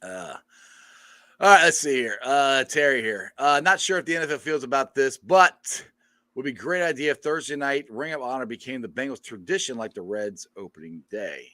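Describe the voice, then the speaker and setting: A man with a lively, swooping pitch and a bright, edgy tone banters on a fan podcast. He teases his co-host and reads out viewer comments in a loose, animated way. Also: normal speed. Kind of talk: casual sports podcast chat.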